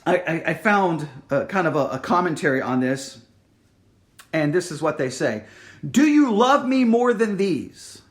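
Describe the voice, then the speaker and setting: A man with a strikingly high, sing-song voice preaches a sermon, reading scripture and retelling it dramatically. He drops to hushed, drawn-out words that are nearly whispered, then rises again for emphasis, often restarting and repeating words.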